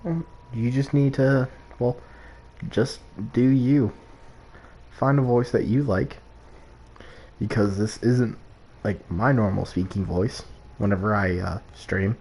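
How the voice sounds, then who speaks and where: A man's voice: mid-range voice, fairly even intonation, slow, pauses often, darkish tone, slight background noise. A man streaming a video game, chatting casually and rambling with lots of "like" and restarts. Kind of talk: casual gameplay stream chat.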